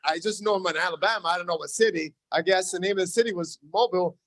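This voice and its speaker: High-voiced jokey New York City man. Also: racing, dry recording. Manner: jokey, animated, frequent "right?" and "uh". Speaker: speaker at a business launch event. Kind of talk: storytelling onstage speech. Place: event room with an audience.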